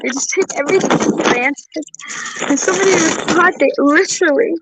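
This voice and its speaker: A woman's voice: sits high, fairly quick, heavy background noise. A woman venting outdoors beside her car, swearing, her voice breaking into tears. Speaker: vlogger. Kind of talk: tearful venting monologue. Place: outdoors by her car in hot humid weather.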